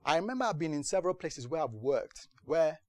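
Pastor telling a story, dry sound. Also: male voice, a little high, big pitch swings, a little fast, no room sound. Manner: storytelling, repeats "do you understand". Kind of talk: sermon testimony.

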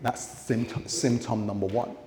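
A man's voice: mid-range voice, fairly even intonation, normal speed, dark tone, in a large hall, slight background noise. A man preaching a sermon as pastor, in a loose conversational way, acting out quoted dialogue.

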